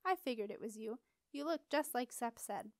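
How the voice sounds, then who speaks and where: A woman's voice: fairly high pitch, expressive, normal speed, dry recording, clean studio sound. A woman reading a friendly, direct young princess in a storybook reading.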